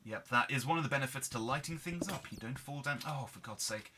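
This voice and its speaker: Subdued man, very bright timbre, candid gameplay chat. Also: medium pitch, brisk, a little hiss or hum. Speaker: gaming video host. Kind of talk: casual gameplay commentary.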